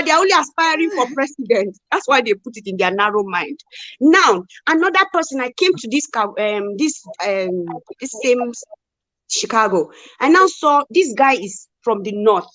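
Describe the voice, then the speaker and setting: Emphatic woman, high and dry. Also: no room sound. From Nigeria. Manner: emphatic, animated, rhetorical questions. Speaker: co-host. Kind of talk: casual live chat.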